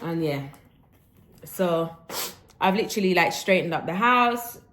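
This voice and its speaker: A woman, chatting casually in her home vlog and telling stories with lively slips into patois. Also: fairly low pitch, a little slow. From Jamaican roots. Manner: animated storytelling, slipping into patois. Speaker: vlogger.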